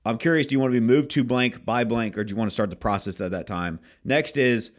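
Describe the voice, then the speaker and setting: A man hosting a podcast, coaching real estate agents in an energetic, emphatic way and acting out sales scripts. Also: mid-range voice, quick pace. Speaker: podcast host and real estate team leader. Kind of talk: casual coaching talk.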